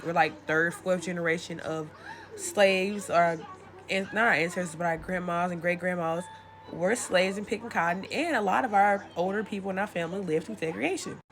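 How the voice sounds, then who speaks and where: A young adult woman giving a casual, encouraging motivational talk to camera, addressing the listener warmly and conversationally. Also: lowish voice, normal speed. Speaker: spiritual content creator.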